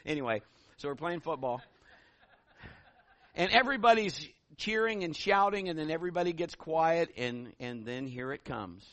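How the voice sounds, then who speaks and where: Bright high-voiced male preacher. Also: normal speed, no room sound. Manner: storytelling preacher, animated, building to loud calls. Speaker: pastor. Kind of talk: sermon.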